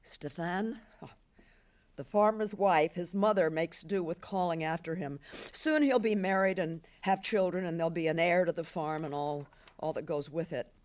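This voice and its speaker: An older woman in her seventies giving an intense, expressive literary reading at a symposium. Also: fairly low pitch. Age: 70s. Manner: intense, expressive, slowing for weight. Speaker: reader. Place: symposium event.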